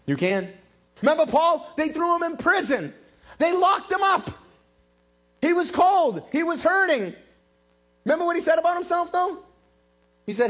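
A male pastor preaching a sermon, telling a story with lively acted-out quotes. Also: extremely high pitch, normal speed. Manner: animated storytelling, acting out quotes. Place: church in Massachusetts.

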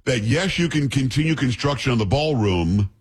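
A middle-aged man hosting a radio show, telling jokey stories in animated, casual banter. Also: medium pitch, moderate pace, a little hiss or hum. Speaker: radio host.

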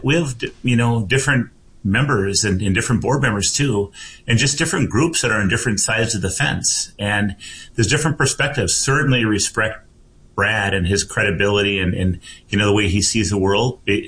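Male tourism guest, lowish voice, easygoing and measured, filler-heavy casual talk. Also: a bit bright, poor audio. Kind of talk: casual chat.

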